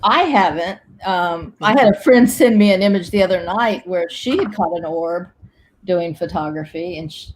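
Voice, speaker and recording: A woman's voice: on the low side, moderate pace, a little hiss or hum. A woman guest in a casual chat, dry and skeptical, often laughing.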